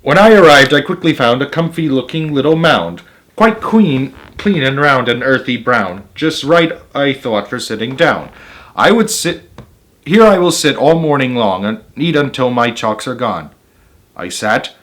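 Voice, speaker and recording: A man reading a children's rhyming story aloud in a lively, expressive way. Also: mid-range voice, unhurried.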